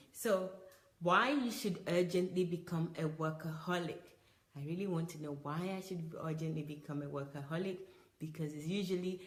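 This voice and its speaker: A woman hosting a livestream, greeting viewers by name and chatting in an upbeat way. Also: fairly low pitch. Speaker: livestream host. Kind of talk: casual livestream chat. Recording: echoey room, faint noise.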